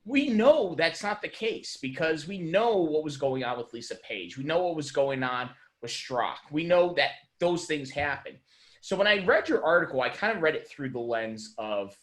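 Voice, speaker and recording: A man's voice: fairly high pitch, expressive, moderate pace. A man co-hosting a podcast, arguing emphatically in casual political chat and swearing for emphasis. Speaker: podcast co-host.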